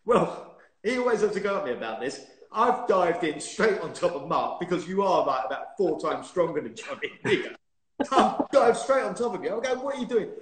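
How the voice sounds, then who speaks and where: A man's voice: high-pitched, moderate pace, slight background noise. A man in his fifties, a former racing driver, chatting as a guest on a live stream and telling stories with laughter and teasing. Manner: lively storyteller who laughs and teases. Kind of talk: casual chat on a live stream. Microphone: phone or laptop mic on a video stream. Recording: roomy echoey room on a phone mic.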